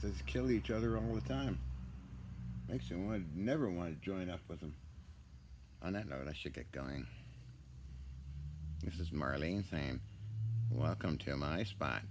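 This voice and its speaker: A man's voice: lowish voice, background noise. Rambling, joking man vlogging. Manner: joking, rambling, often laughs. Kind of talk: casual rambling monologue.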